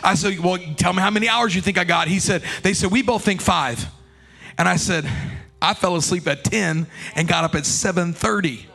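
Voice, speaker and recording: A man preaching a sermon as pastor of his church, moving from storytelling into shouted, sung cadences. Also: sits high, normal speed, creaky, slight background noise. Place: church sanctuary.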